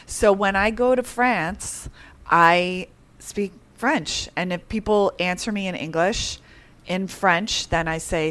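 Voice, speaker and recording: A woman's voice: mid-range voice, takes it slowly. A woman, a podcast guest, telling stories in casual chat, acting out quotes and laughing as she goes. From United States. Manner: animated storyteller who acts out quotes and laughs. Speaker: guest, actress and life coach.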